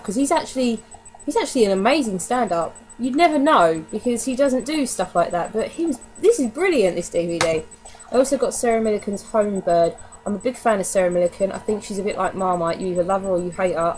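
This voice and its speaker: A woman's voice: medium pitch, darkish tone, slight background noise, poor audio. A woman chatting casually to camera in a DVD haul vlog, candid and given to casual swearing. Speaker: vlogger.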